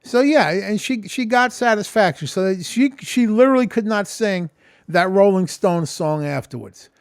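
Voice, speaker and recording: A man's voice: high-pitched, lively intonation, moderate pace, clean tone, no echo, clean studio sound. A man talking casually in a rambling, profane vlog at home. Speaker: vlogger. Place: home kitchen.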